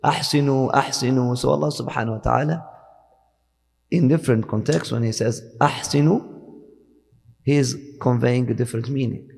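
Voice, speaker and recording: Male scholar, fast-paced, reciting and explaining verses, gravelly voice in a reverberant hall. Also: mid-range voice, a little mellow. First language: Arabic. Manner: deliberate, repeats words, recites Arabic verses. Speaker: Islamic scholar teaching Quran. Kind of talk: explanatory Quran lesson, mixing Arabic and English.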